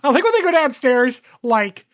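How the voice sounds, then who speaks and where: Snarky lady podcaster, fairly high voice, blunt and sweary. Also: sing-song, normal speed. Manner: sarcastic, blunt, swears freely. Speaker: podcast co-host. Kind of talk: casual chat.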